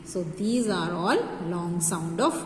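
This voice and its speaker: A woman's voice: fairly low pitch, takes it slowly, in a large hall. A woman with an Indian accent teaching phonics to young children, spelling words out letter by letter and stretching the vowel sounds. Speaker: kindergarten teacher.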